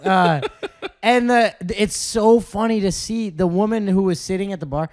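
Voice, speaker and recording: A man's voice: high voice, normal speed. A man co-hosting a casual podcast chat from an apartment, telling stories with a lot of laughter. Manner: laughing, animated storytelling. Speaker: podcast co-host. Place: apartment room.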